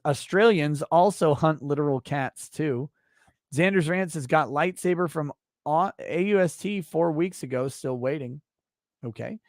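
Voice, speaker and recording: A man's voice: on the high side, no echo, studio quality. A man hosting a casual livestream, reading viewer messages aloud and giving blunt, profane, offhand replies. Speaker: livestream host.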